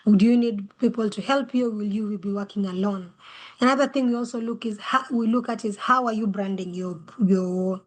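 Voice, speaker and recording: A woman facilitating an online webinar, explaining how pitches are judged through a string of questions, speaking over a video call. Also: moderate pace. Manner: explains judging criteria with many questions.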